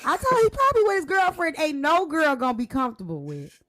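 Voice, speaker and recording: A woman's voice: high voice, sing-song, quick pace, crowd noise. A woman hosting a casual chat, slangy and profane, laughing nervously as she talks. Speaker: podcast host.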